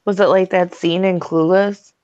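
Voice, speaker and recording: A woman's voice: fairly low pitch, fairly even intonation, normal speed, a little mellow, slight background noise. A woman chiming in with teasing, blunt remarks in a casual chat, on a dull, dry lo-fi recording.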